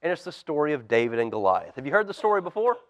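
A man, a pastor, reading a storybook aloud to children at a church service, animated and dropping to a hush for suspense. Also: a little high, rapid-fire, dry recording.

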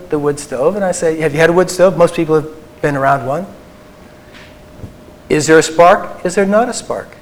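A man with a voice pitched a bit above the usual talks to a live audience as a Christian counselor. He speaks in a folksy, earnest way and often lets his voice fall soft and confessional. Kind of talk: personal talk with stories to a live audience.

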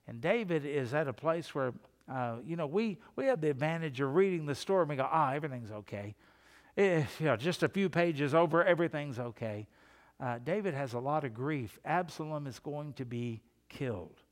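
Older pastor preaching in a reverberant hall. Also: male voice, a little high. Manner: conversational preaching with earnest, rising emphasis. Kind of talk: sermon. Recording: long reverb of a church hall.

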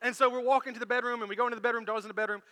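High, bright-voiced pastor preaching in a hall. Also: male voice, rapid-fire. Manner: animated storytelling preacher, acts out quotes. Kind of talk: sermon.

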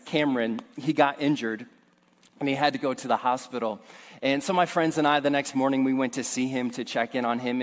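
A young man preaching a sermon, telling stories and acting out voices with humorous asides. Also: on the high side. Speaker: pastor. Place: church hall. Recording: long hall reverb.

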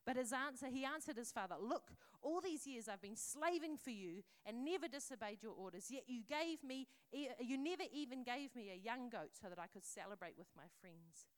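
Woman preacher, kinda high voice, earnest and chatty, reads bible passages like a story. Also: lively intonation, moderate pace, few pauses. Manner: earnest, conversational, reads scripture aloud in a storytelling voice. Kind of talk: sermon with scripture reading.

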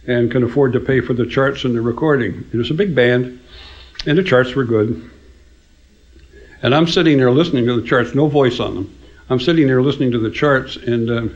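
Older male songwriter, dry raconteur, mid-pitched, slightly muffled recording. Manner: dry storyteller, laughs at his own punchlines. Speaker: songwriter telling stories. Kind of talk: casual anecdote telling. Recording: dull lo-fi recording.

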